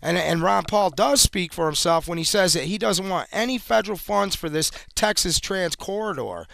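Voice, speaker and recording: A male talk show host giving casual political commentary, relaxed and conversational, with hesitant fillers. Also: sits high, normal speed, gravelly, no echo.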